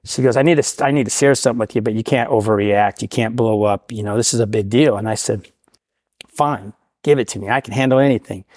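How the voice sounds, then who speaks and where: Fast-talking middle-aged man telling a story. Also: fairly low pitch, no room sound, clean studio sound. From Portland, Oregon area. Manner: animated storyteller, acts out quoted voices. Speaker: guest sharing recovery story. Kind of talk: casual storytelling.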